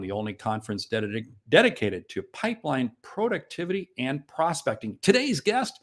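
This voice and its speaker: A middle-aged man hosting a sales podcast, upbeat and playful, cutting in with jokes. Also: fairly high pitch. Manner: jokey, energetic, playful interjections. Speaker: podcast host. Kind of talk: upbeat interview chat.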